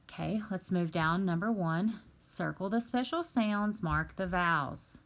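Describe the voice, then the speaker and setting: Woman teacher, low voice, very slow and deliberate, stretches out words for young students, tablet recording. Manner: slow, careful, drawn-out word reading. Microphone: tablet microphone.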